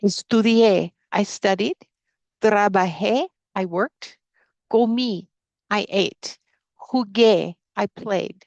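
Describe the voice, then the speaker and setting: A woman's voice: medium pitch, takes it slowly, creaky, darkish tone, no room sound, dull audio. A woman teaching a live online Spanish class, opening with a spoken prayer and then leading students through repeat-after-me drills. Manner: prays aloud, then drills vocabulary with repetition. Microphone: computer mic on a video call.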